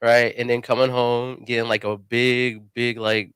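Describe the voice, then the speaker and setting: Bright-voiced man rambling in podcast chat. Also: medium pitch, level tone, measured pace, clean tone, no room sound. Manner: rambling with many fillers, laughs often. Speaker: podcast co-host. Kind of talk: casual chat.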